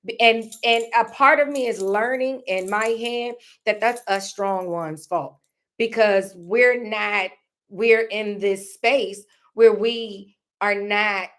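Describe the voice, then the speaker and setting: A woman, talking to her viewers in a casual, reflective way about faith and feelings, often repeating her phrases. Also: a little high. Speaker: vlogger. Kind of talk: casual personal vlog talk. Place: indoors at home.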